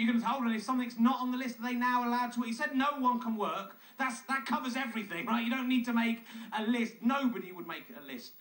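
Sarcastic man with a very high voice. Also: fairly bright tone. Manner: sarcastic, mocking, nitpicking. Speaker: comedian. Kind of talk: comedic monologue. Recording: echoey room, distant mic, faint noise.

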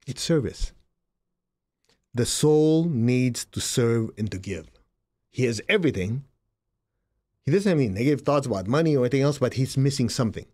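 A man's voice: mid-range voice, normal speed, pauses often. A middle-aged man whose first language is not English, giving an emphatic, repetitive spiritual talk as a healer. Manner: emphatic and repetitive, with lively jumps into quoted voices.

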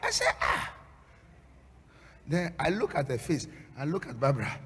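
High-voiced preacher shouting in a hall. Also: male voice, wildly swooping pitch, moderate pace, husky. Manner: shouting and half-singing exhortation. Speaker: pastor. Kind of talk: sermon. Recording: long hall reverb.

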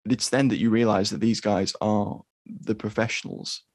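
A man co-hosting a film podcast, talking through a war film in a measured, thoughtful way. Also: fairly low pitch, steady tone, a little mellow, no room sound. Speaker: podcast co-host. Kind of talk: casual film discussion.

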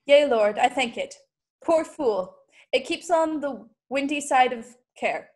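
A teenage girl playing a witty, sharp-tongued young noblewoman in a Shakespeare school play over a video call, full of quick mocking wordplay. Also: sits high, expressive. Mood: teasing. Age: late teens. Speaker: student actor. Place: home.

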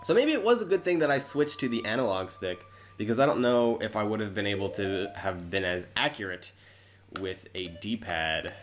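Over background game music, a man hosting a let's play offers casual, self-mocking commentary and thinks out loud as he plays. His voice is fairly low and expressive, at a normal speed.

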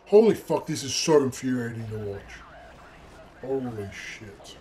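A man's voice: mid-range voice, normal speed, dark tone, a little hiss or hum. A young man commenting on his own gameplay footage, exasperated and swearing constantly as he hurls insults at himself. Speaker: gaming video creator.

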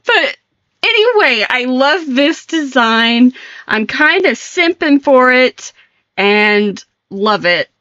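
A woman's voice: high-pitched, animated, takes it slowly, fairly bright tone, no room sound, dull audio. A woman streamer chatting casually on a live stream, giggly and flustered, laughing often as she reacts.

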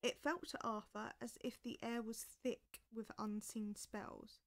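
A woman narrating a storybook aloud with expressive delivery. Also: on the high side, unhurried, creaky.

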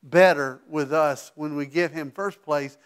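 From the sanctuary, a pastor with a high voice preaches animatedly, his delivery surging to emphatic peaks and then falling hushed for asides. He speaks at a measured, smooth pace.

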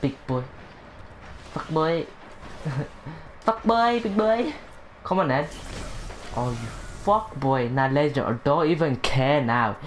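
A woman commentating her gameplay, excitable, breaking into high squeals, swearing and catchphrases aimed at her viewers. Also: slow, pauses often, slight background noise. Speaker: gaming channel host.

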